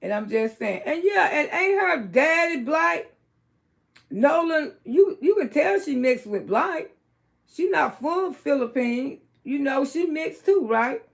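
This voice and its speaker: Gravelly blunt Southern woman on a livestream. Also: lively intonation, slow. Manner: outspoken, blunt, swings from low murmur to loud exclaiming. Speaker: livestream host. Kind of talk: casual livestream commentary.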